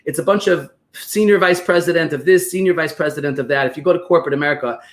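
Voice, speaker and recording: A man with a New York accent talks at a rapid clip in a fairly high voice. He tells animated stories and acts out quotes as a guest on a podcast interview, speaking over a remote call. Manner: animated, fast storytelling with acted-out quotes. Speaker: guest expert on business operations. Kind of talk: podcast interview, explaining with examples.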